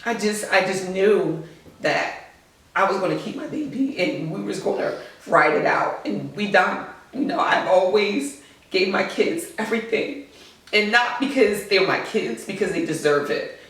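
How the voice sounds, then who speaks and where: A woman's voice: mid-range voice, lively intonation, unhurried, fairly bright tone. A woman in her forties, a podcast guest, talking in a heartfelt, earnest and outspoken way as a mother. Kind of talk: casual podcast chat. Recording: echoey room, distant mic.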